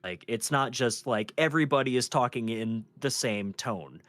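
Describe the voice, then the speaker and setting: A man who narrates horror stories, calmly explaining his habits as a guest in a casual podcast chat. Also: mid-range voice, no room sound. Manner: measured, explanatory, soft projected delivery.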